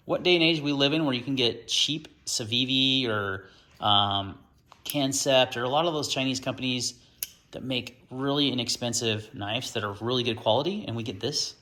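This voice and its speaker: A man's voice: mid-range voice, moderate pace, sharp tone. A man hosting an unboxing video, talking casually and ranting in frustration about the gear.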